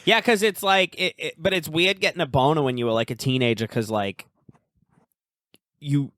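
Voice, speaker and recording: A man's voice: fairly high pitch, moderate pace, fairly bright tone, no echo, clean studio sound. A man joking and asking questions in a casual podcast chat.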